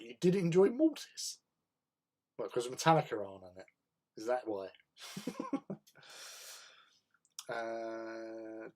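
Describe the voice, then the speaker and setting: A man hosting a hobby livestream, chatting casually with viewers in a rambling way and laughing often. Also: mid-range voice.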